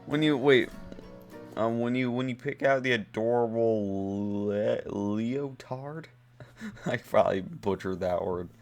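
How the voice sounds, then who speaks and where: A man's voice: mid-range voice, slow pace, faint music behind. A man reading out posts and reacting in disbelief, laughing and rambling with fillers in casual commentary.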